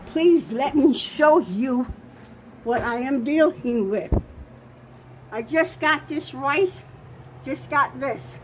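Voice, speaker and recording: An older woman with a high voice talks slowly into a phone held in her hand, out of breath and insistent as she walks through her small kitchen. A faint room hum sits behind her. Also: lively intonation, rough recording. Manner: insistent, keeps saying okay. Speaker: vlogger. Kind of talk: home video walkthrough. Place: small home kitchen, indoors.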